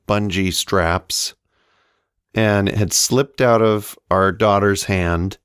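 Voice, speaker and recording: A man co-hosting a podcast, telling a family story in a slow, halting way with many fillers. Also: lowish voice, smooth, no room sound, studio quality. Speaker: podcast co-host. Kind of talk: casual storytelling.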